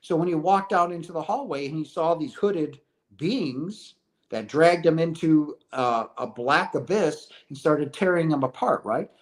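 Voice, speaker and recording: A man's voice: on the high side, a little slow. A middle-aged man giving an earnest, preachy spiritual talk to his viewers, often repeating phrases and asking "right?". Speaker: host of a chat stream.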